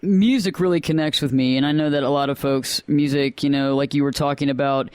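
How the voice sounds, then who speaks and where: A man hosting a radio interview, telling stories in a lively, animated way. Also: medium pitch, a little fast, smooth, no echo. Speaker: radio show host. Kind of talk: casual interview chat.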